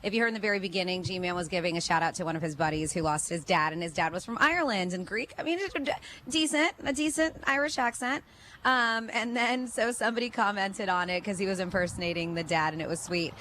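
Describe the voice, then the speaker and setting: A woman's voice: medium pitch, quick pace, bright, forceful tone, a little hiss or hum. A woman co-hosting a radio show, reading listener texts aloud and bantering in a playful, teasing, easygoing way into a studio microphone. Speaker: radio co-host.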